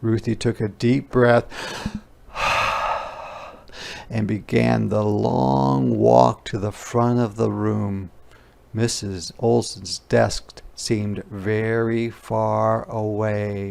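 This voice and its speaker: A man in his sixties reading a picture book aloud to young children, pausing to explain words simply. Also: on the low side, gravelly, a little mellow.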